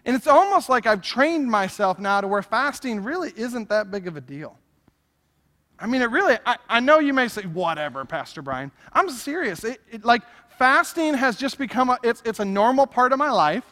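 A man preaching a sermon as pastor, conversational and animated, acting out little asides to the congregation. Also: very high voice, normal speed. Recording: long hall reverb.

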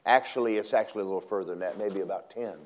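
A male preacher delivering a sermon, swinging from low murmurs to high, dramatic acted cries. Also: very fast.

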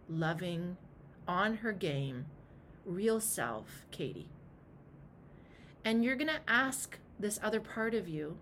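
A woman life coach talks a client through her homework in a casual, emphatic way. She is blunt and direct and leans hard on repeated words. Her voice sits in an ordinary middle range, with a faint background hum. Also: medium pitch. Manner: emphatic and direct, with frank asides.

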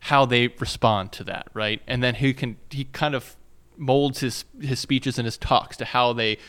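Landscaping noise drifts in from outside as this thirtysomething podcast co-host chats casually. His medium-pitched voice is a bit bright, unhurried and fairly even, though he rambles with plenty of fillers and restarts.

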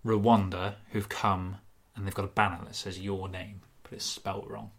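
A low-voiced man hosts an improvised comedy podcast, steering the game with bone-dry deadpan delivery. He drops absurd twists in a flat, matter-of-fact tone. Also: moderate pace, gravelly. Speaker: co-host running the improvised scenario.

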